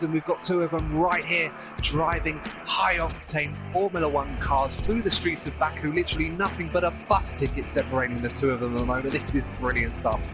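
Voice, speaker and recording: A man with a fairly high voice adds lively colour commentary to a racing broadcast. Music plays clearly behind him.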